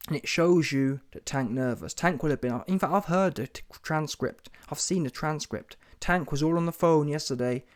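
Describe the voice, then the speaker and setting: A man's voice: a little high, normal speed, hardly any pauses. A man doing a brash, mocking commentary rant full of street slang. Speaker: commentary vlogger.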